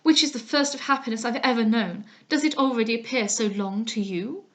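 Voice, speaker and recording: A woman reading the part of an ardent, pushy gentleman suitor who speaks in effusive, flowery declarations. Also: a little high, fairly quick, lightly acted. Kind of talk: dramatized audiobook reading.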